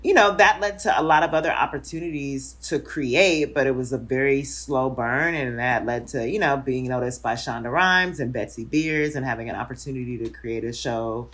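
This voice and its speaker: A woman guest in her forties talking through her career in a relaxed, reflective way, with frequent fillers and laughs. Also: a bass voice, normal speed, hardly any pauses. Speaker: guest, show creator. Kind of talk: casual interview conversation.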